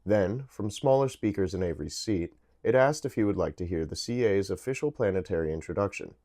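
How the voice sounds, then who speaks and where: A man with a low, deep voice reads a science fiction novel aloud in an easygoing, unpolished way. He trips over words now and then and simply corrects himself and carries on. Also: animated, brisk, mellow. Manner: casual reading with stumbles and self-corrections. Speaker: book reader.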